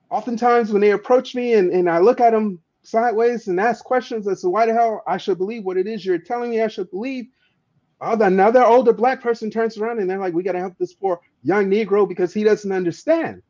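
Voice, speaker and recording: This activist guest's voice sits high and is a little mellow. He tells his story passionately in conversation, emphatic and often stammering as he repeats words. The recording sounds dull and lo-fi.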